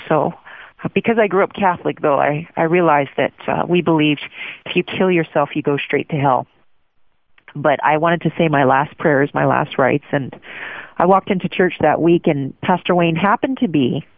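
A woman candidly telling her life story in an interview, animated and acting out what others said. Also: sits low, no echo. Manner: candid and animated, acts out quotes. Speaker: guest sharing her testimony. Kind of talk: personal storytelling on a phone interview. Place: Hawaii. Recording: tinny phone line.

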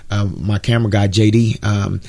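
A man's voice: lowish voice, flat delivery, normal speed, gravelly, dark tone. An American man, a Christian rapper, talking earnestly and encouragingly in an interview, preaching about purpose and faith. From United States. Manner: earnest, encouraging, repeats words.

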